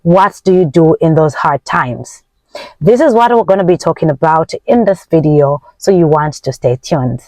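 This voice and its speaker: A woman whose first language is Nyanja, talking as a self-help coach. She gives emphatic, faith-filled encouragement in a vlog, with big swings in pitch and tempo. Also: expressive, normal speed, warm tone, no room sound. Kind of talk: motivational vlog talk.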